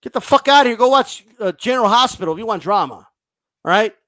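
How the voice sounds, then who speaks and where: Casting: high-pitched male streamer, blunt profane ranting, dry close sound. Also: lively intonation, fast talker, fairly bright tone, no room sound. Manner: profane, blunt, ranting, reads viewer comments aloud. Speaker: boxing livestream host. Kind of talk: casual livestream rant.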